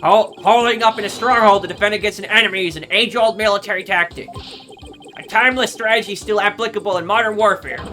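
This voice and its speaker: A woman's voice: medium pitch, fast, bright, forceful tone, soft background music, voice pushed up, natural voice. A woman voicing a boy who plays a blustering drill sergeant through a drone, barking orders in a bossy military drawl.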